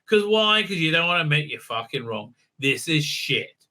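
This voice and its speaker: Guy ranting thru a show recap, sarcastic n sweary, lots of uh uh, sharp bright voice. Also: moderate pace. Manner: sarcastic, profane, mocking, lots of "uh, uh" fillers; lively pitch swings for mocking asides. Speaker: show host reviewing a TV episode.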